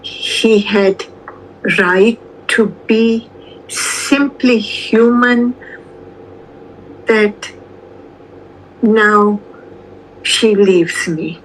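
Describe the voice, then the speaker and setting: An older woman answers an interviewer at an unhurried, deliberate pace, pausing between short phrases. Her voice sits in a middle pitch and stays calm throughout. A faint hum of ambience lies underneath. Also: poor audio. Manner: calm, measured, long pauses between phrases. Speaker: interview guest. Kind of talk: slow reflective conversation.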